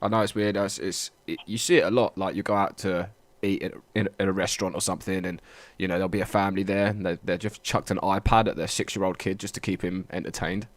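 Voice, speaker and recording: A man's voice: low-pitched, steady tone, quick pace, no room sound. A man of about thirty, co-hosting a podcast in casual, swearing banter. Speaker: podcast co-host. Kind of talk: casual chat.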